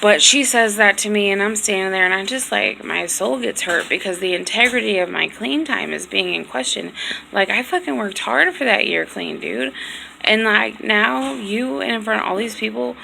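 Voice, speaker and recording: A woman's voice: mid-range voice, moderate pace, creaky, bright, forceful tone, slight background noise, poor audio. A woman vlogger telling a long story casually, rambling, full of "like" and swearing, sounding tired and hurt. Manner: rambling, heavy on "like", frequent swearing.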